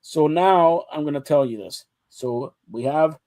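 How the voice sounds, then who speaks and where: A man's voice: on the high side, unhurried. A man hosting a casual sports chat show, teasing his co-hosts and talking over them. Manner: teasing, talks over others, animated.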